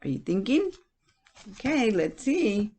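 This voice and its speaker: Slow-reading woman teacher. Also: mid-range voice, very animated, mellow, husky. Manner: stops to ask listeners questions. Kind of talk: reading a picture book aloud to children.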